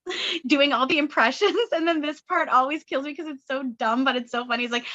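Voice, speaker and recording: A woman's voice: high-pitched, a little fast, sharp tone, dull audio. A Canadian woman in her thirties giving a rambling, giggly spiritual reading on a video call. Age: 30s. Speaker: guest channeler. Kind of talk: casual spiritual reading on a webinar.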